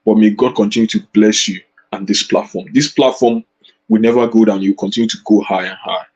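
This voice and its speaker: A man speaking casually as a panelist on a live stream, effusive and halting, with many restarts. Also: on the low side, fairly even intonation, a little mellow, husky. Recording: dull lo-fi stream audio.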